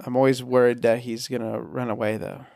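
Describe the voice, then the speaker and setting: A young man co-hosting a podcast, a joking dad who swears casually and talks in an animated way. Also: medium pitch, a little fast, gravelly, dry recording, studio quality. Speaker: podcast co-host. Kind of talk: casual chat.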